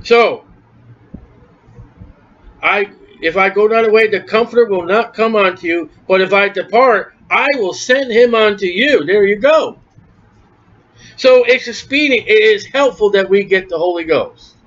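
High-voiced forceful male preacher. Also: measured pace, long pauses. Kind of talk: sermon. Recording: dull lo-fi recording.

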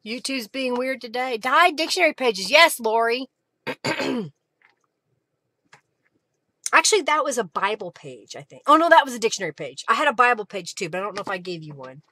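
A woman hosting a live craft stream, chatting casually, thanking viewers by name and often clearing her throat. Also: on the high side, pushed and bright.

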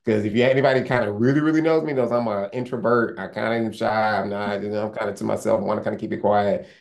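A man's voice: on the low side, steady tone, fast, vocal fry. A man speaking as a lawyer guest in a candid interview, earnest and rambling, with many restarts and fillers.

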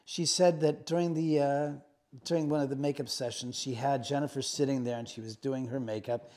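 A man's voice: medium pitch, fairly quick. A middle-aged man showing visitors around a room of his house, casually retelling ghost encounters and acting out the quotes. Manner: animated retelling with acted-out quotes. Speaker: house owner giving a tour. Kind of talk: casual storytelling.

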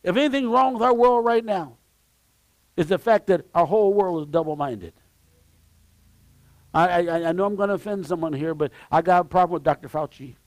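A man preaching a sermon as pastor, emphatic and swinging between shouts and low asides, repeating key phrases and exclaiming praise. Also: brisk, pauses often, no room sound. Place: church sanctuary.

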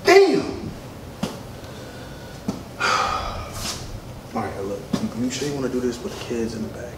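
Guy doing a smooth-talking cheating husband, evasive, voice swings up and down a lot, echoey noisy room. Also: mid-range voice, huge pitch swings, takes it slowly, recorded from a distance. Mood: pleading. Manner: evasive, pleading, stammering.

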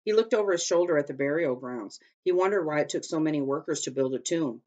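Woman teacher, low voice, storybook read-aloud, steady careful reading. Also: fast.

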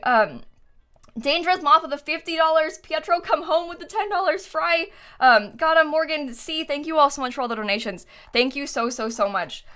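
A woman's voice: high-pitched, expressive, sharp tone. A young woman live-streaming, chatting casually with lots of fillers and little laughs, reading out donations. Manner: quick, giggly, lots of fillers.

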